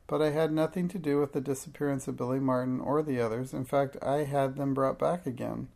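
A man voicing an earnest, brave young witch girl in a children's story, a little higher than his own voice. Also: fairly even intonation, a little fast, gravelly, darkish tone, close to an everyday voice.

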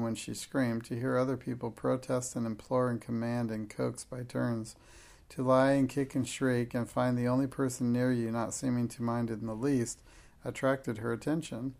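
A man narrating a storybook in a measured, even manner. His voice sits at a middling pitch with a gravelly, creaky texture. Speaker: audiobook narrator.

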